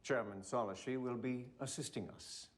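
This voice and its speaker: A man's voice: medium pitch, moderate pace, lightly acted. An actor playing a zealous male Nazi official in a film drama, formal and insistent.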